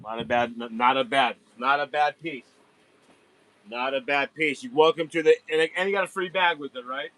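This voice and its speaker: A man's voice: mid-range voice, normal speed, pushed and bright, low-quality recording. A man hosting a live online sale of diecast cars from a warehouse at night, chatting casually with viewers and hyping each pull. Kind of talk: casual live-stream sales chat.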